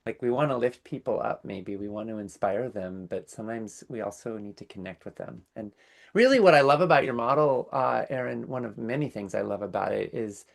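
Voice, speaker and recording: Gravelly man reflecting earnestly. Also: fairly low pitch, a little fast. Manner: earnest, lists ideas in series. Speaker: workshop host. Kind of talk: reflective commentary.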